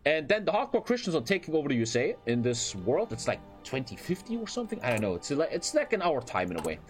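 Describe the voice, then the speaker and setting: Faint background music accompanies a young man livestreaming a strategy game, who rambles to his viewers with profanity and filler phrases. His voice is a little high and sing-song, and he talks fast.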